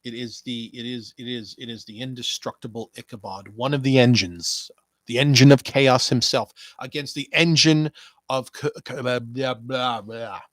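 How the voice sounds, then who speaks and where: A man's voice: medium pitch, normal speed, a bit bright, no echo. A man hosting a podcast, ranting sarcastically with profanity and many stumbling restarts. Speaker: podcast host. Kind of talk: rambling profane wrestling commentary.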